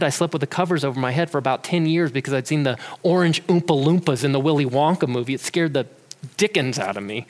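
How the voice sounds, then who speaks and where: High-voiced man with hall reverb. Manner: conversational, repeats words when quoting. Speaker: speaker on emotions. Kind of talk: earnest motivational talk.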